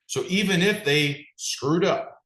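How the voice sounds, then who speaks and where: A man's voice: a little high, takes it slowly, pushed and bright, echoey room, low-quality recording. A man, a business coach, giving a direct, conversational motivational talk and putting questions to his audience. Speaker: business coach for martial arts school owners.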